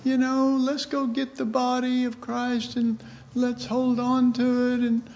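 Guy doing eager believers, gushing, high and quick, muffled audio. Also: completely flat delivery, darkish tone. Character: eager excited followers of Jesus.

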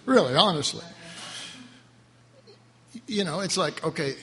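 A man's voice: a little high, animated, slow pace, a bit bright. A man preaching a sermon, emphatic and repetitive, with laughing asides to his congregation. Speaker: pastor. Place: church sanctuary. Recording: long hall reverb, faint room noise.

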